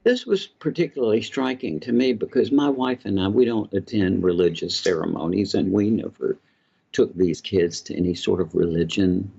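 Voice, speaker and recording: A middle-aged man recounting personal stories in an interview, reflective and halting, with fillers. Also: sits low, creaky, dark tone, slightly rough. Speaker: author and filmmaker guest. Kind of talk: storytelling in an interview. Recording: dull lo-fi sound with music underneath. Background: music.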